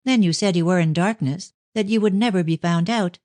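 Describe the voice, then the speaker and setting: A woman's voice: fairly low pitch, fairly quick, a little mellow, pitched above the performer's own voice, natural voice. A woman playing an anxious young woman. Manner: urgent, pleading questions.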